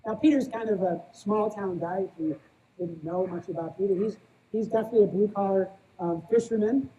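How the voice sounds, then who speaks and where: Man, pastor, conversational sermon, dark mellow tone, faint background hiss. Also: high-pitched, fairly quick, highs cut off. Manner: conversational preaching, often asks "right?"; plain-spoken, calls himself a small-town guy.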